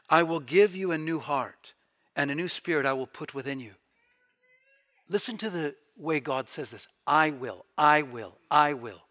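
A middle-aged man preaching a sermon, swinging from quiet, reflective passages to emphatic, near-shouted peaks. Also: a little high. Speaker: pastor.

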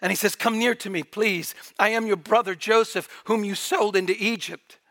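A man preaching a sermon with fervent delivery, swelling loud and dropping to near-quiet. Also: high voice, fairly even intonation, normal speed. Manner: fervent, rising and falling in volume.

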